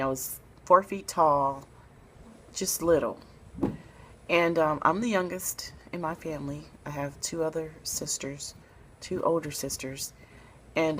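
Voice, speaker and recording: A woman from Memphis, Tennessee, telling a personal story to camera in a soft-spoken, relaxed way with plenty of fillers. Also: deep voice, slight background noise, rough recording. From Memphis, Tennessee, USA.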